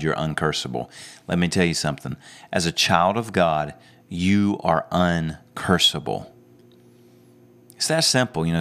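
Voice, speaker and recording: A male preacher giving a sermon, retelling a story with lively, amused storytelling. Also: low voice. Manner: animated storytelling with chuckles.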